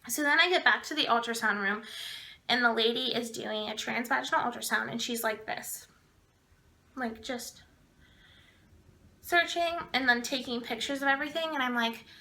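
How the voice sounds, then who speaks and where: A woman's voice: a little high, normal speed, gravelly, pauses often, pushed and bright. A woman in her twenties telling a personal story to camera in a chatty way, full of filler words and acted-out quotes. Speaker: vlogger.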